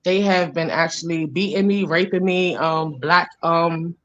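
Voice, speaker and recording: A woman's voice: lowish voice, steady tone, a little slow, a bit bright. Woman, Jamaican accent, blunt and profane, rambling, dull lo-fi live stream sound. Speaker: interview guest. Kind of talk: casual interview storytelling.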